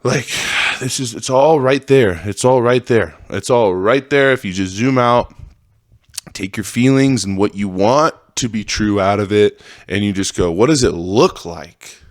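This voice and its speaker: A man in a heated podcast rant, swearing freely and hammering the same phrases again and again. His voice sits on the low side, and the recording is dry and close. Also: measured pace, dry recording. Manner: heated, profane, repetitive ranting. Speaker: podcast host. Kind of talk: ranting podcast monologue.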